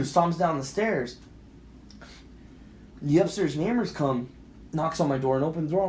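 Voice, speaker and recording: A young man co-hosting a podcast, telling a story casually with lots of swearing and acted-out shouting. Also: on the high side, moderate pace, echoey room. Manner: animated, profane, acts out voices and shouts in quotes. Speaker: podcast co-host.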